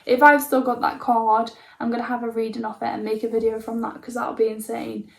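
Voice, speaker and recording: This young woman recounts her own story to camera in a rambling way, using lots of "likes" and "ums" as filler. Her pitch is a bit high but hardly varies, and a gravelly fry runs beneath it. She speaks flatly and fairly quickly.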